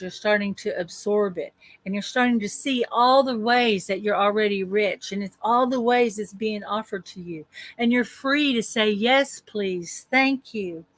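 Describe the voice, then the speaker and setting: A woman life coach leading a guided affirmation session on a group call, speaking slow, drawn-out affirmations with repeated phrases. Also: on the high side, no echo.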